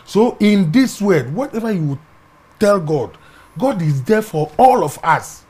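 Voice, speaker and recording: High-voiced Ghanaian man telling a story. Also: unhurried. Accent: Ghanaian English. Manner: animated, acts out voices in his story, often dropping to a hush. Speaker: interview guest. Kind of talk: personal testimony storytelling.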